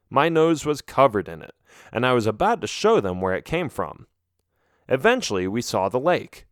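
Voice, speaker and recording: A man narrating a children's audiobook in an expressive, first-person storytelling manner. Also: medium pitch, no echo, studio quality.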